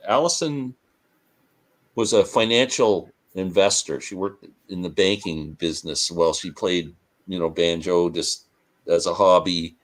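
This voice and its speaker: A man with a fairly low voice chats casually over a video call. He rambles along and stalls with uhs while he tries to recall names. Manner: chatty, fumbles for names with uh. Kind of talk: casual conversation.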